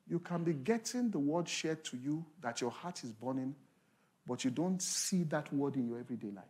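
A male pastor preaching a sermon at a conference, animated, acting out little scenes and asking the congregation questions. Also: mid-range voice, normal speed. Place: conference hall.

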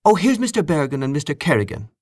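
A man voicing a brisk, polite young woman pairing up dance partners. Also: a little high, sing-song, dry recording, clean studio sound, pitched above the performer's own voice. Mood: bustling. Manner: bustling, polite.

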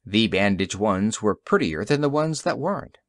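Expressive male audiobook narrator. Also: lowish voice, moderate pace, no room sound, clean studio sound. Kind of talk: scripted narration.

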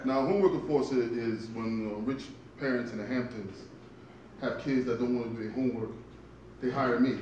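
A man doing a stand-up comedy set in a club, telling stories with deliberate delivery and punchy asides. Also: medium pitch, fairly even intonation, darkish tone, muffled recording, a little hiss or hum. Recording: echoey club from far off.

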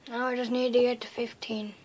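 A woman vlogging casually to camera, hyper and playful, swinging between loud pleas and whispers. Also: on the high side, little pitch movement, a little fast, slightly rough.

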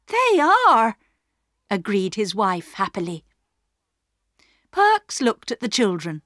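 A woman narrating a storybook clearly and slowly for English learners. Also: mid-range voice, no echo, studio quality. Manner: clear, slow, lively.

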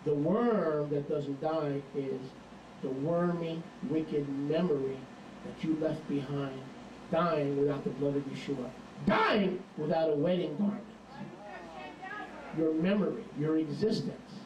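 A man preaching a sermon in an emphatic, animated storytelling manner, recorded from a distance in a hall. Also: a little high, slow, muffled recording, background noise.

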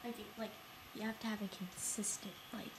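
A woman's voice: mid-range voice, level tone, fairly quick. A young woman chatting casually with lots of fillers while gaming with a friend. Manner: chatty, teasing, filler-heavy. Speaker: co-player. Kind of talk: casual chat. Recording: noisy home recording.

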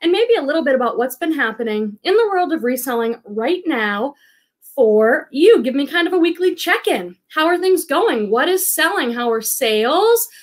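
A woman hosts a live reselling stream, her high, sing-song voice moving at a moderate pace. She's bubbly and enthusiastic, a little out of breath, and chats with viewers as if they were friends.

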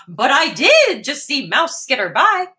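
A jumpy storybook elephant with a shrill, high voice, as a woman puts it on. It sounds startled and nervous. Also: wildly swooping pitch, a little slow, sharp tone, heavily acted. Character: jumpy elephant scared of mice.

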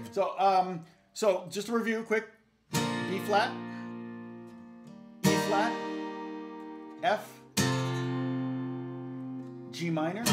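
A middle-aged man teaching guitar on a live stream, rambling and chatting with viewers, laughing often and counting out notes. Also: fairly high pitch. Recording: echoey room with loud guitar playing.

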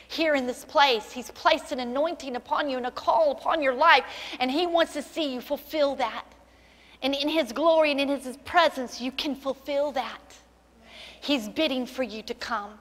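A woman pastor preaches with fervent conviction, her fairly high voice swelling toward cries at the peaks. A long reverberation of the church hall trails behind every phrase. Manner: impassioned preaching, voice rising to cries in acted quotes. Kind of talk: sermon. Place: church sanctuary.

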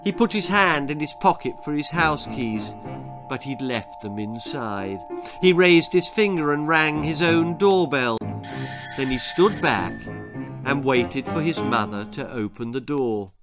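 A man reading his own spooky children's story aloud with unhurried, dramatic delivery. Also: mid-range voice, expressive, music in the background.

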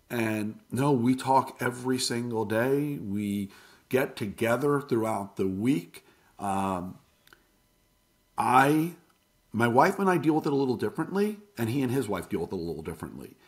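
A middle-aged man telling a painful personal story as an interview guest, halting and emotional. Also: lowish voice.

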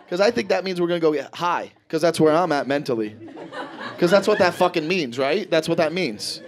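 A young man performing a stand-up comedy set on a club stage, animated and swearing, acting out his friends. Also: high-pitched, a crowd in the background. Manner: animated, swears a lot, acts out friends in quick voices. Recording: live club audience in background.

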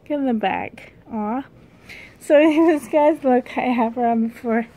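A woman vlogger chatting casually as she shows off a doll's clothes, gushing and soft-spoken. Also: sits high. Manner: gushing, slow, breathy asides. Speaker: reborn doll collector vlogger. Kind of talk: casual show-and-tell vlog.

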